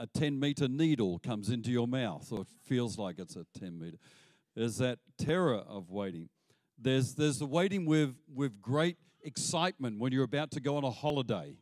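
A man preaching a sermon as pastor, animated and acting out the voices he quotes. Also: medium pitch, no room sound.

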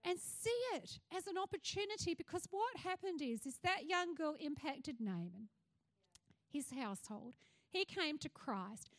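A woman's voice: sits high, animated, measured pace. A middle-aged woman pastor with an Australian accent, preaching a passionate sermon that rises to fervent cries.

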